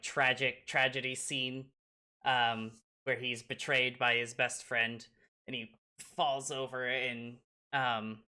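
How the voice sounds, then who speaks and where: A game master narrating a tabletop game in a halting way, full of ums and uhs. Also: mid-range voice, pushed and bright, smooth.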